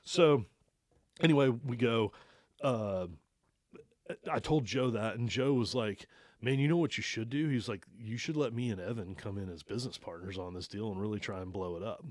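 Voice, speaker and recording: A man's voice: lowish voice, normal speed, a little mellow, no echo, studio quality. A man who owns an archery shop, telling a story in a casual interview, laughing often and acting out the lines of the people he quotes. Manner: laid-back, laughs often, acts out quoted talk. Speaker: archery shop owner, guest.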